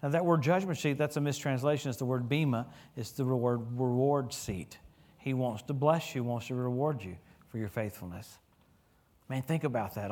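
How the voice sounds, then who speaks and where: A middle-aged man preaching a sermon in a church, telling stories with humor and swinging his voice up and down as he gets caught up. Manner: animated storytelling with humor, lively pitch swings. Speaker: guest preacher.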